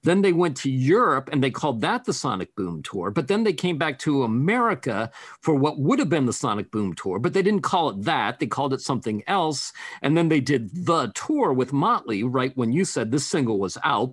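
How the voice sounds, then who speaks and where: Man, podcast host, animated delivery, dry recording. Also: mid-range voice, breathy edge, no echo. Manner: lively, quick, hands off to others. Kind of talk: casual chat.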